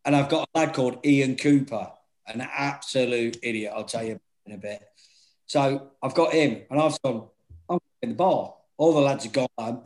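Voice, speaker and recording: A man who used to manage a football team tells stories in casual conversation at a normal speed and mid-range pitch. Animated and profane, he acts out what people said, captured on a rough recording.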